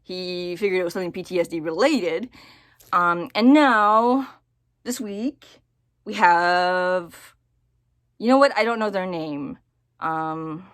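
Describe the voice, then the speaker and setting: A woman talking casually to camera in a personal vlog, halting and repeating her words as she thinks aloud. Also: lowish voice, dry recording, clean studio sound. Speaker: vlogger.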